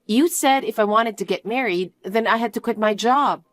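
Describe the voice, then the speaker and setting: Storybook lead: woman playing a firm, earnest young fiancée, raised pitch, dry sound. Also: moderate pace, dry recording, natural voice. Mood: indignant. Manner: earnest and questioning. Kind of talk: storybook narration.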